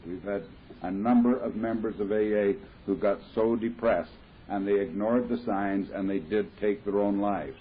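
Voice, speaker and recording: Heard on a tinny 1970s tape with slight background noise, a man from the Midwestern United States shares his story at a recovery meeting. His voice is fairly low, and he talks plainly, leaning on homely comparisons.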